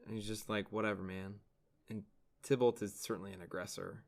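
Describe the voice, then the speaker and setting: A man's voice: fairly low pitch, a little fast, vocal fry. Easygoing man podcast co-host. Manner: relaxed, thinks aloud with restarts and quoted asides. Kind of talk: casual theater discussion.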